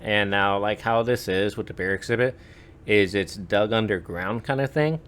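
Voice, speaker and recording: A man in his twenties tells stories on a podcast in casual chat, rambling and full of "like" and "uh". His voice is lowish and a bit bright, at a moderate pace.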